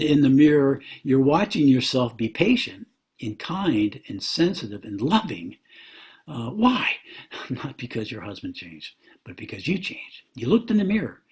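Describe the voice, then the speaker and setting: Male pastor, husky and breathy, earnest sermon delivery with rhetorical questions. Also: medium pitch, a little mellow. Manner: earnest, repetitive, rises sharply on rhetorical questions. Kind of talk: sermon-style teaching.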